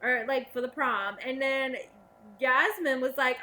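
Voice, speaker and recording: Profane, bright-voiced young woman ranting. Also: sits high, a little slow. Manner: profane, sarcastic, animated ranting with mocking quoted voices. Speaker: vlogger. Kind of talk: casual rant to camera.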